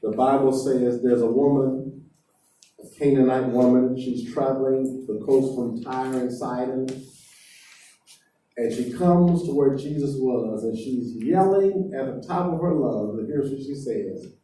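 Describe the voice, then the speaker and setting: An emphatic preacher who keeps questioning his congregation, his voice dark and heavy. He speaks at an unhurried pace. The sound reaches the mic from a distance through a strongly echoing church hall. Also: mid-range voice, slight background noise. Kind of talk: sermon. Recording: echoey hall heard from afar.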